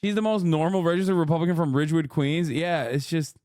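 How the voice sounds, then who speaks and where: A man with a notably high voice reacts to a video on stream, sarcastic and swearing freely. The sound is dry and close. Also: fairly even intonation, fast, darkish tone, dry recording. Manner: heated, profane, sarcastic rants. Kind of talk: casual reaction commentary.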